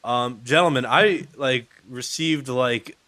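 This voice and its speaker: A man's voice: medium pitch, takes it slowly, pushed and bright, no room sound. A man co-hosting a podcast remotely in casual chat, rambling and swearing, padding his talk with "like.". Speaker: podcast co-host. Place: on the road, remote call.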